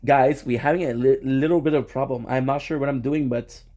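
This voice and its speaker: A young man talks casually to his viewers in a relaxed streaming chat. He rambles with a playful tone, often restarting his sentences. His voice sits in an ordinary middle pitch. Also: brisk.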